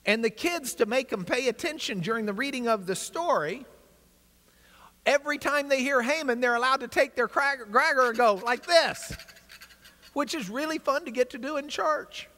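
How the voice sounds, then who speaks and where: A man teaching a Bible class in an energetic, animated lecture style, with asides to his class. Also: extremely high pitch, moderate pace. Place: large church classroom. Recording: long hall reverb.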